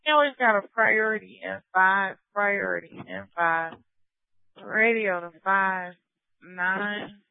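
A high-pitched male police dispatcher reads out addresses and call codes in a clipped, procedural way. He comes through a tinny, narrow-band radio scanner with a dry, close sound. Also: takes it slowly, vocal fry, smooth, no room sound.

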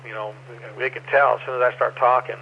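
A man's voice: medium pitch, fairly even intonation, a little fast, gravelly. A man chatting casually over the radio in an easygoing, matter-of-fact way. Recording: muffled radio with faint noise.

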